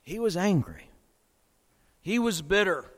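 A man preaching a sermon with dramatic swings in loudness and pace. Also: sits high, very animated, slow. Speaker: pastor. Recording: long hall reverb.

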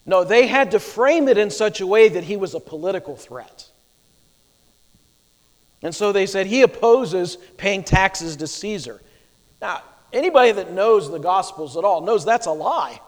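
A male preacher delivering a sermon, teaching emphatically and asking rhetorical questions. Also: high voice. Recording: long hall reverb.

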